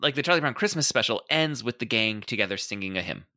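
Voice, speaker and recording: A man's voice: medium pitch, animated, fast talker, bright, forceful tone, no room sound. A man talking as a podcast guest in casual chat, enthusiastic, laughing often and trailing off while he looks for words.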